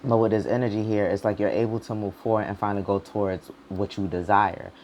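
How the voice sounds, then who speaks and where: A man with a fairly low voice gives a casual tarot reading, drifting from thought to thought. His talk is informal and streetwise, with the odd swear word. A faint noise sits under the voice. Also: flat delivery, fast, a little mellow. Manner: loose and rambling, heavy on "like" and "you know". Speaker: tarot reader.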